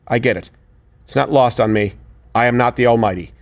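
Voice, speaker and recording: A man's voice: mid-range voice, a little fast. A man hosting a crude comedic political talk show, sarcastic and mocking. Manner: sarcastic, slips into mocking impressions. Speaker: show host.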